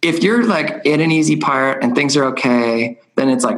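A man's voice: mid-range voice, normal speed, a bit bright, poor audio. Rambling male podcast host. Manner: thinks aloud, loose and rambling. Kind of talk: casual conversation.

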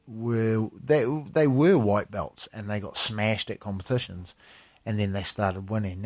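A man's voice: lowish voice, a little mellow, dry recording. A man, a martial artist talking bluntly and profanely in a casual monologue.

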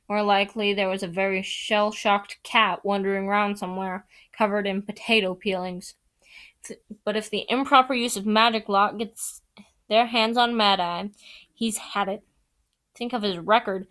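A man's voice: high-pitched, sharp tone, smooth. A woman reading aloud, voicing a harried male wizard official who pleads urgently for a friend.

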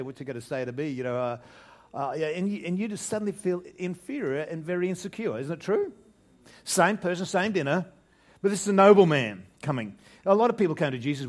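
An older man preaching a conversational sermon to his congregation, restarting phrases and asking rhetorical questions. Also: a little high. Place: church, speaking to a congregation.

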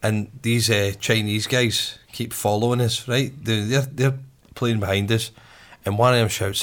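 A man's voice: on the low side, steady tone, unhurried, hardly any pauses. A man with a Glaswegian accent telling a story in casual chat, laughing often and swearing freely. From Glasgow, Scotland.

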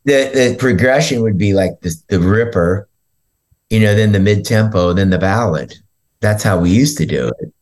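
Deep-voiced laid-back rock storyteller man. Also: normal speed, a little mellow, no echo. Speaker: guest drummer. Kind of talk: casual interview storytelling.

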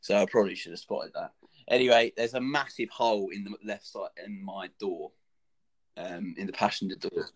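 A young man tells a story over a relaxed chat, his voice sitting a little low. He talks animatedly, swearing and laughing along with his own tale. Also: normal speed. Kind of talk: casual anecdote telling.

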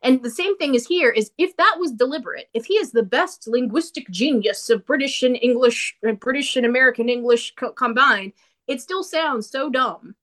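Animated opinionated woman reviewing a movie. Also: high voice. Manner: animated, opinionated, quick asides. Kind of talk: casual movie review chat.

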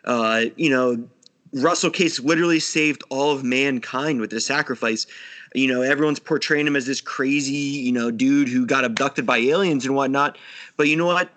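Laughing, excitable man on a podcast. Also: mid-range voice, moderate pace. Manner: enthusiastic storyteller, laughs often, swears casually. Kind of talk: casual chat.

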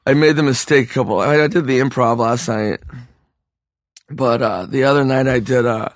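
A man's voice: medium pitch, moderate pace, no room sound, studio quality. A hungover man, a comedian guest, telling loose, profane stories in a casual podcast interview. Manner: loose, profane storytelling with restarts.

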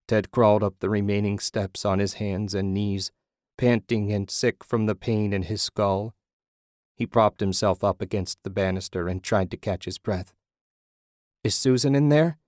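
Low-voiced man narrating a horror story. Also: level tone, normal speed, darkish tone, dry recording, studio quality.

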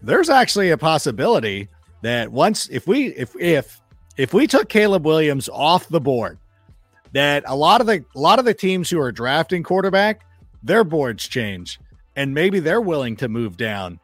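A man as a guest football analyst in a casual sports chat, telling animated stories, acting out quoted remarks and swearing freely. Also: a little high, moderate pace, no room sound, faint music behind. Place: studio.

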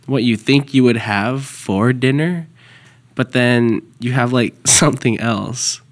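A man's voice: mid-range voice, slow pace. A young man co-hosting a podcast, chatting casually in a playful, rambling way. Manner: playful, rambling, laughs often. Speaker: podcast co-host.

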